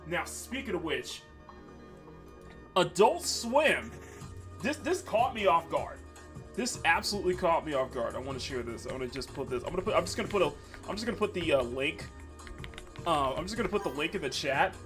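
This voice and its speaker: A man's voice: fairly high pitch, lively intonation, quick pace, a bit bright. A young man hosting a livestream in casual, rambling chat with many fillers and restarts. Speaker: streamer host. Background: faint menu music.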